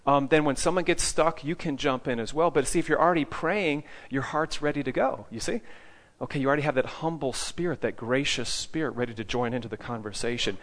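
A man's voice: medium pitch, fairly bright tone. A man preaching to a live group in a mid-range voice. He checks in with his listeners after nearly every point, tacking on "okay?" and throwing questions back at them. He speaks as a teacher of evangelism.

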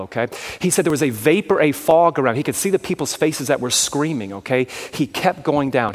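A man giving a sermon-style talk as a traveling evangelist, telling stories and often asking the crowd if they follow. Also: mid-range voice. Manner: storytelling with frequent asides and checks to the crowd.

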